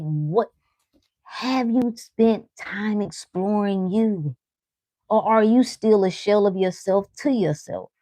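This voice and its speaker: A woman's voice: fairly low pitch, warm tone, no room sound. A woman hosting a live stream, giving an earnest motivational talk and repeating affirmations. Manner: earnest, repetitive affirmations spoken aloud. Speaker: host of a live stream answering chat.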